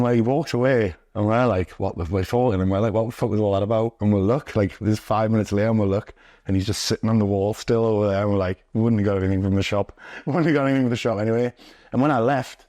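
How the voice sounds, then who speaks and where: A man's voice: on the low side, dark tone, no room sound, studio quality. A young man from the UK, a pro wrestler telling stories in a rambling, sweary, filler-heavy way in a sit-down interview. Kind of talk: casual storytelling.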